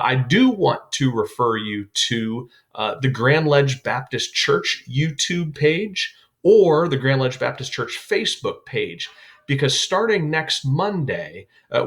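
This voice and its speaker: A man, a youth pastor, teaching a Bible devotional in a calm, explanatory way with frequent "uh" fillers. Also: mid-range voice, measured pace.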